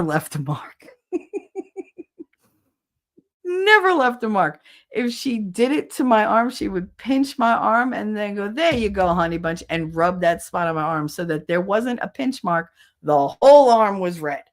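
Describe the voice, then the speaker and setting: A woman from New Jersey hosting a casual livestream, reading chat comments, blunt and swearing and often laughing. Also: mid-range voice. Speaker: host.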